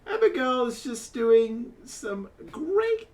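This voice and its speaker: A man voicing a flamboyant half-elf man who gushes with praise in a high falsetto. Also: sing-song, slow pace, background noise, exaggerated voice. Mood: gushing.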